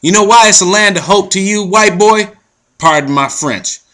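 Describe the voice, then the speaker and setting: Man, slightly high and bright, AAVE, ranting vlog host, profane street talk. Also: moderate pace. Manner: profane, animated, confrontational street slang. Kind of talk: ranting news commentary.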